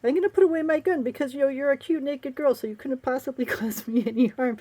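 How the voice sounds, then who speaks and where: A woman's voice: high-pitched, quick pace, dark tone, lightly acted. A woman voicing a clueless, boastful male space traveler with mocking, sarcastic exaggeration. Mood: smug.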